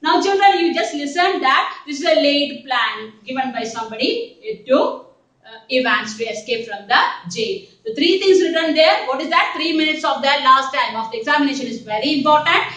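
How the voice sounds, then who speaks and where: High-voiced Indian English woman teaching. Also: normal speed. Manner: animated, often checks with "okay?" and "understood?". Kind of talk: explaining a story in a class lesson. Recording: roomy echo, voice from a distance.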